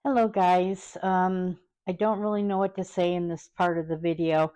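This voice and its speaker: A woman vlogger talking candidly and hesitantly, pausing often and close to tears. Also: on the low side, flat delivery, mellow, clear, resonant tone. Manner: halting and hesitant, many pauses; openly vulnerable, close to tears. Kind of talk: candid personal vlog.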